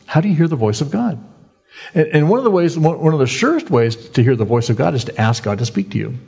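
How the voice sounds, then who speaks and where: A man's voice: medium pitch, husky. A male pastor giving a folksy, conversational sermon and acting out the voices in his stories. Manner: lively storyteller who acts out the quoted voices. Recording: dull lo-fi recording.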